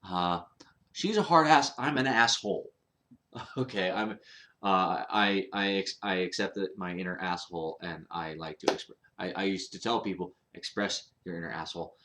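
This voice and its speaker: A man's voice: sits low, moderate pace, sharp tone, a little hiss or hum. A man talking casually to camera in a rambling, profane monologue full of restarts. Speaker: vlogger.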